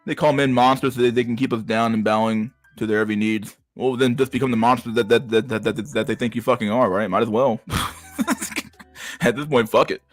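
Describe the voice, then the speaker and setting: Brisk and fairly even in intonation, this mid-range male voice has faint music behind it. He chats casually on a livestream, answering chat messages bluntly with plenty of profanity, often tripping over and repeating his words.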